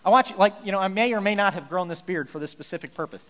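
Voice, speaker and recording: A man preaching a sermon as pastor, telling the story in an animated way with jokey asides. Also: high voice, rapid-fire, big-room sound.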